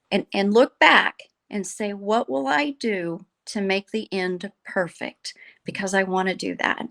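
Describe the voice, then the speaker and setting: Woman guest, middle pitch, earnest and animated storyteller. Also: vocal fry. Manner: earnest, animated storyteller who quotes others. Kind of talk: storytelling in a podcast conversation.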